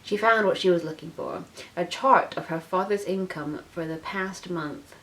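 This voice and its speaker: A woman's voice: on the low side, moderate pace, a bit bright. A young woman reading her own childhood story aloud, breaking off with laughing, self-mocking asides. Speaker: channel host reading her childhood writing.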